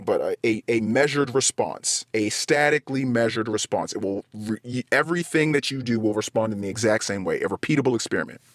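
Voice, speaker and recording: Low-voiced man in a candid solo monologue. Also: a bit bright, no echo, clean studio sound. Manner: earnest, self-blaming, uses long analogies. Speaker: podcast host.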